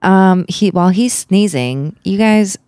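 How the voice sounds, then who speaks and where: A woman's voice: medium pitch, animated, unhurried, dark tone, a little hiss or hum. A young woman co-hosting a casual podcast, playful and teasing, often laughing. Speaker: podcast co-host. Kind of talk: casual chat.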